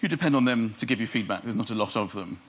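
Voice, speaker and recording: A man's voice: fairly low pitch, fast. A middle-aged man, a comedian guest on a chat show, telling rambling comic anecdotes. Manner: rambling, animated storytelling with laughs. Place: TV studio with live audience.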